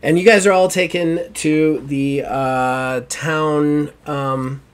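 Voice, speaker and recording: A man's voice: a little high, fairly even intonation, slow, clear, resonant tone. A man narrating as game master for a tabletop game in a casual, chuckling way.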